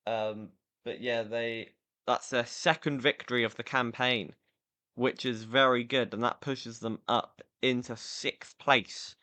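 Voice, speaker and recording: A tired man talks football in a loose, rambling way, with lots of fillers and self-corrections. His pitch sits right in the middle for a man. He gives his opinions bluntly as the host of a casual chat show. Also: fairly even intonation, a little slow, pushed and bright. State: tired, yawning. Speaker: podcast host.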